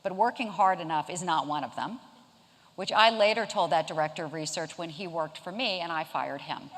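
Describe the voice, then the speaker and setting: A woman's voice: on the low side, brisk, fairly bright tone, slight background noise. A woman in her fifties from South Carolina gives a humorous, conversational keynote talk, telling a story from her own career. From Charleston, South Carolina. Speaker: keynote speaker. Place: event hall. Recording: long reverb of a lecture hall.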